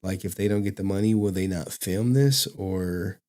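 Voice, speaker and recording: A man's voice: low voice, moderate pace, a little mellow. A man hosting a casual reaction stream, laid-back and rambling, laughing often. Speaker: host.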